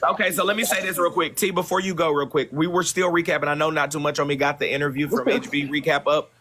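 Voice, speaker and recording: A man's voice: a little high, fairly even intonation, fast talker, bright, forceful tone. A man hosting a livestream panel, easygoing, thanking viewers and reading out comments. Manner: easygoing, coaxing, reads out comments.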